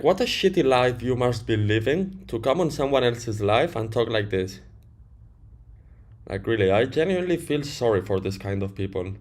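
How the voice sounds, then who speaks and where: A man's voice: medium pitch, animated, normal speed, darkish tone. A man chatting casually on a livestream, reading out viewer comments and answering them bluntly, with casual swearing. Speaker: livestream trader.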